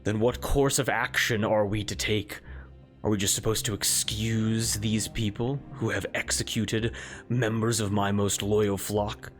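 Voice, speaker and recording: A man voicing a zealous male cleric leader who is wrathful and commanding, his voice booming and stern in a tabletop game. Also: little pitch movement, unhurried, lightly acted. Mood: grave. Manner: booming, shouted fury turning stern and grave. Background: soft background music.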